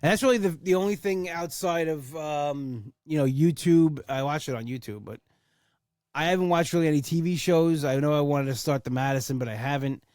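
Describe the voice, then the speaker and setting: A young man chats on his own podcast in a loose, rambling way and swears when he gets excited. His voice sits a bit high for a man. The sound is close and dry, with no room around it. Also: a little fast, no echo. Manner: enthusiastic, rambling, swears for emphasis. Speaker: podcast host. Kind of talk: casual solo podcast chat.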